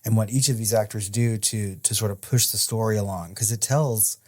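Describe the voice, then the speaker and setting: A man co-hosts a horror film podcast in relaxed conversation. His voice sits a little low, and he keeps checking in with his partner with a quick "right?". He builds his points slowly, with repeated words. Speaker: podcast co-host. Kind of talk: casual chat.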